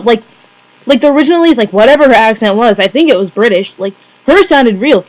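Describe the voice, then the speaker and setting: A woman's voice: fairly high pitch, animated, a little fast, low-quality recording. Bubbly teen girl vlogging. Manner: bubbly, jokey and dramatic. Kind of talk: casual home video vlog.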